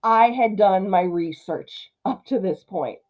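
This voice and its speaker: A young woman giving casual film commentary, chatty and quick to slip into character voices. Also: medium pitch, a little mellow, poor audio. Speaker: film reviewer.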